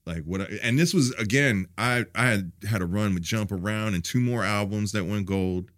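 Middle-aged man, deep low voice, dry close sound, interview guest, profane, halting, acts out quotes. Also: dry recording. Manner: profane, loose, halting restarts. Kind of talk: candid storytelling interview.

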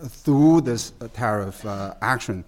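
Explaining at length as the guest expert in a conversational interview, a man speaks in a mid-range voice with a darkish tone. He hesitates often, using lots of fillers and restarting his sentences.

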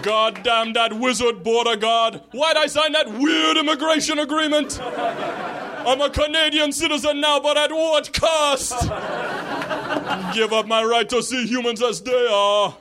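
Jamaican cabbie voice, super high shouting, live club noise. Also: male voice, flat delivery, a loud crowd. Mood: excited rambling. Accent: Jamaican (put on). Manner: shrieking, incredulous, drawn-out questions. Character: man cab driver, astonished by everything, loud.

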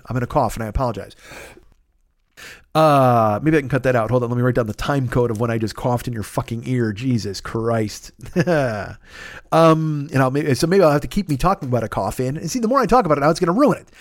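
Fifty-something guy rambling on his podcast, swears a ton, talks fast, super dry mic. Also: on the high side, dry recording. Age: 50s. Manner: profane, rambling, animated storytelling. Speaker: podcast host. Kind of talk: casual solo podcast monologue.

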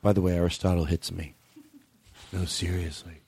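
A man's voice: low-pitched, level tone, moderate pace, dark tone, slight background noise. A man hosting a comedy podcast in casual chat, rambling and riffing and cutting himself off mid-thought. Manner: rambling, riffing, self-interrupting. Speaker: podcast host.

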